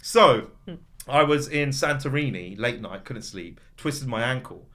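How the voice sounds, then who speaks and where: A man's voice: medium pitch, unhurried. Guy rambling through a story, loads of ums and likes, voice jumping up and down. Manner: rambling, animated storytelling with frequent fillers and laughs. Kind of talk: casual chat.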